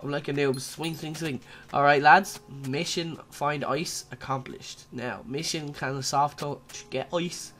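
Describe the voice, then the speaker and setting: A young man narrates his own gameplay in a loose, joking way, breaking into yelps and rants whenever the game goes wrong. He talks at an unhurried, drawn-out pace. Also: on the high side, a bit bright, slight background noise. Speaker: gaming channel host. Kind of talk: casual gameplay commentary.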